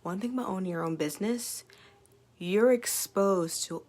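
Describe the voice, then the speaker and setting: A woman's voice: medium pitch, normal speed, darkish tone. A woman who owns a small business, talking casually to her followers about personal growth in an upbeat, chatty way with many fillers. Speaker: small business owner sharing self-development. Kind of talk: casual talk to camera.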